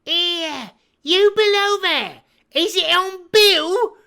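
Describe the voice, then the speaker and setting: A man voicing a vicious blind old pirate beggar who barks orders in a shrill, furious voice during a dramatic read-aloud of a classic novel. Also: extremely slow, pushed and bright, heavily acted. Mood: raging. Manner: shrill, furious barking of commands.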